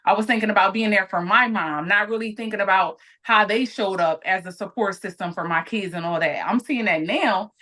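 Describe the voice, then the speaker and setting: A woman in her late thirties, a podcast guest, talking candidly and reflectively in relaxed conversation. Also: medium pitch, fairly quick, few pauses. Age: 30s.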